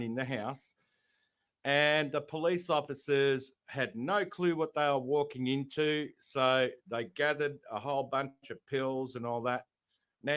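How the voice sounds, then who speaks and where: A man's voice: medium pitch, fairly bright tone, smooth. A man from Australia, a guest on a live-stream panel, explaining at length in a rambling, casual way.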